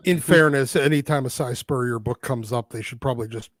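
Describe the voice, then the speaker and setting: A man's voice: mid-range voice, brisk, no room sound, studio quality. A man on a comics podcast panel, dropping wry remarks in casual chat.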